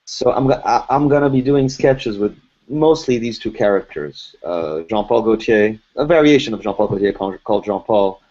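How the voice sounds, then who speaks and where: A man's voice: on the low side, normal speed. A man with a faint foreign accent, hard to place, chatting in an interview and telling stories animatedly. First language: French or Arabic. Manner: animated storyteller, laughs often. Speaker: voice actor guest. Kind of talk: casual interview chat. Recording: dull lo-fi podcast audio.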